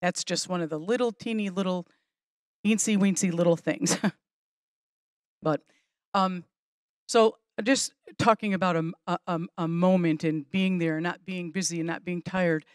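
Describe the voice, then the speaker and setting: A woman's voice: on the low side, fairly even intonation, moderate pace, no echo, studio quality. A middle-aged woman pastor teaching mothers in a chatty, earnest way, with restarts and small laughs. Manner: earnest, stresses key points. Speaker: pastor teaching a women's class. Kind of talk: conversational teaching.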